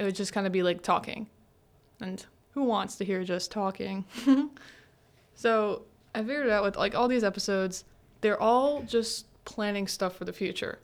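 A young woman hosting a student podcast, retelling scenes in a chatty, animated way with lots of filler words and acted-out quotes. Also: mid-range voice. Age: young adult. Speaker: podcast host. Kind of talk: casual solo podcast recap.

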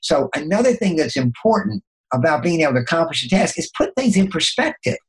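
An older man, a consultant and podcast guest, telling motivational stories in a lively way, often restarting and repeating words. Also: brisk, low-quality recording. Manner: animated, acts out inner dialogue with jumps in pitch. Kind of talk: motivational storytelling.

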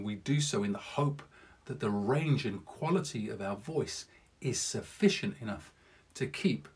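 A man's voice: on the low side, husky. A man giving an earnest, encouraging podcast lesson on public speaking as a coach, talking directly to the listener with self-deprecating asides.

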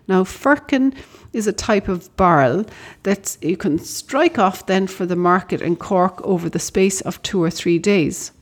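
A woman with an Irish accent, a podcast host, reading out a prepared letter with conversational storytelling asides. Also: lowish voice. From Ireland.

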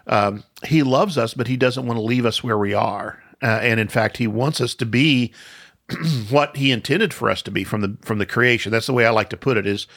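A man of middle pitch who teaches scripture in a relaxed, conversational way. He circles back on his phrases and slows down to stress the key ideas. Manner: thoughtful, with frequent restarts and slow emphasis. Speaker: podcast host and Bible teacher.

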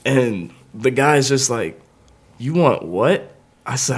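A man's voice: medium pitch, expressive, takes it slowly, slightly rough. A young man hosting a podcast, telling a comedic story in a casual way, laughing often and acting out the voices of the people he quotes. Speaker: podcast host.

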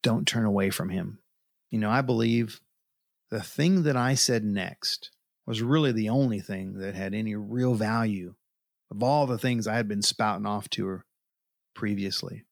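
A man's voice: on the low side, moderate pace, vocal fry, no room sound, studio quality. A middle-aged man telling a personal story in an earnest, emotional way, often repeating words as he goes. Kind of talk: personal testimony.

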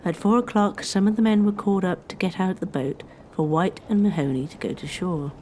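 Female history narrator, mellow tone, measured scripted storytelling, faint noise behind. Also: on the low side.

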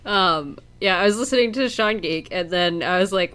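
A woman's voice: on the low side, moderate pace, fairly bright tone. A woman from Canada co-hosting a podcast in casual chat, giggling often and restarting her sentences. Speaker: podcast co-host.

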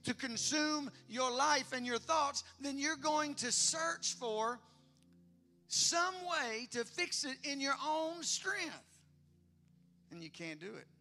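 High, bright-voiced preaching man. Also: expressive, slow, soft background music. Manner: emphatic preaching with big swings from loud to hushed; conversational asides to the congregation. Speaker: pastor. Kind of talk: sermon.

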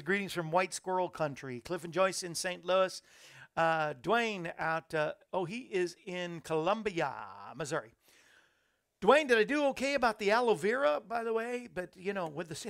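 A man's voice: high-pitched, lively intonation, moderate pace, fairly bright tone. A man hosting a casual live show from a small studio, chatting and reading viewer comments aloud with upbeat asides. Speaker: show host. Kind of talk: casual live-stream chat. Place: small studio under hot lights. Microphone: studio microphone.

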